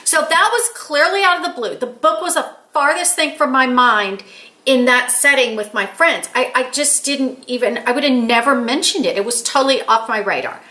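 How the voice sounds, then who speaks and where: An older woman chatting to camera as a channel host, telling stories in an excited, chatty way and acting out quoted dialogue. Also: high voice, moderate pace. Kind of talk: casual storytelling to camera.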